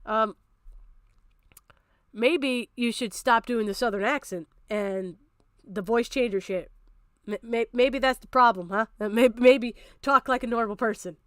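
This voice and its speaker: A woman streamer tears into a video in a blunt, swearing rant. Her voice sits a bit high and comes through smooth and clear. The recording is close and dry. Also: measured pace, a bit bright, no room sound. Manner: blunt, swearing, ranting, mocking impressions. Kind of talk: profane livestream commentary.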